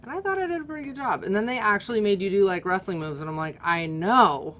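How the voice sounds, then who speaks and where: A woman's voice: mid-range voice, animated, racing, fairly bright tone. A woman chatting casually as a guest, talking freely and filling her sentences with "like". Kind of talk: casual chat.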